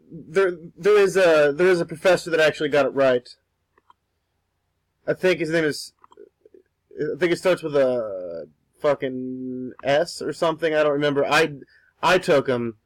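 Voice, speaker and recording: A man's voice: a little high, moderate pace, dry recording, low-quality recording. A young man chatting casually while he draws, rambling and repeating words and swearing offhandedly. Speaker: art streamer. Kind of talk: casual talk while drawing.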